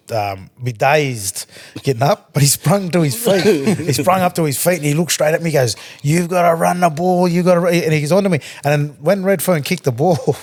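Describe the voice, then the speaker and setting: A man with an Australian accent hosting a podcast, telling relaxed anecdotes and asking his guest questions. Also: medium pitch. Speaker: podcast host. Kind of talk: casual chat.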